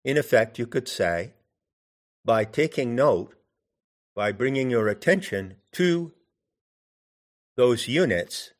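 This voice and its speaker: Male teacher, unhurried and deliberate, average pitch, checks in with the listener. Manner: deliberate, poses questions to the listener. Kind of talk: meditative teaching talk.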